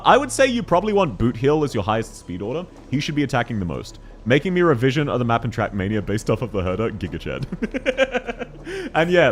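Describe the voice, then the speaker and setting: A man live-streams a game from a home setup, talking straight to his viewers. He sounds excited and giggles often, and his pitch swings widely as he reacts to chat. Faint game music plays quietly behind him.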